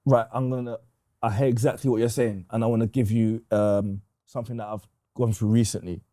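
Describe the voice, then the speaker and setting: Blunt London man, mellow voice. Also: on the low side, flat delivery, brisk. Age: 30s. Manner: blunt, opinionated, London slang. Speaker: podcast guest. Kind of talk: candid podcast conversation.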